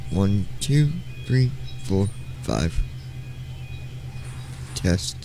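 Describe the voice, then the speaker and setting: Slow, low-voiced playful streamer man. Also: sing-song, over music. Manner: playful, joking, testing his mic aloud. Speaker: streamer host. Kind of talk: casual live-stream chat. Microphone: headset.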